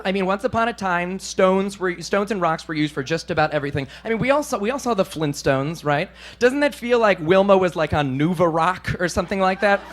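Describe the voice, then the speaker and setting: A male stand-up comedian performing for a live club audience, animated and self-deprecating, often slipping into silly voices. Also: sits high.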